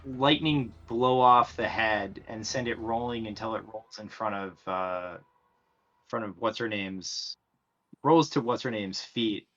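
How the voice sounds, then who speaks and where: A man's voice: on the low side, a little slow, fairly bright tone, muffled recording. A man playing a tabletop game, talking casually and a bit hesitantly. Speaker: player.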